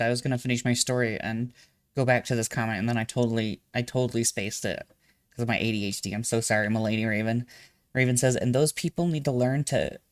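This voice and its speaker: Young guy streamer, cussing a lot, gets loud and jumpy telling stories, normal pitch. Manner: profane, animated storytelling with sudden loud jumps. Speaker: streamer reacting to a video. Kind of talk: casual live-stream commentary.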